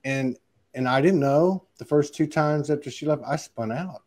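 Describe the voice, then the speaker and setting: A man's voice: a little high, normal speed, darkish tone. A man co-hosting a casual conversation, laid-back and loose, saying "man" and "you know" and acting out little quotes.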